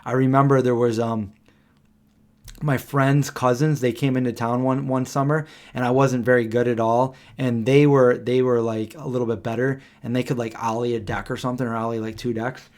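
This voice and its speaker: A man's voice: medium pitch, flat delivery, moderate pace, darkish tone. A man hosting a casual late-night live stream at home, rambling and stopping to search for names he can't remember. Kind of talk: casual chat. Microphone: desk microphone.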